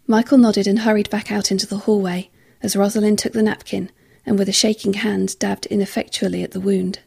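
A woman narrating an audiobook in measured, quietly tense tones. Her voice is husky and gravelly, with a dark, mellow colour. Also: medium pitch, little pitch movement.

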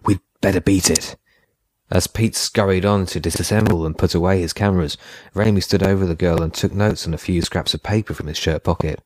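Deep-voiced man narrating horror. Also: steady tone, darkish tone, no echo. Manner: measured, unhurried storytelling. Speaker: audiobook narrator.

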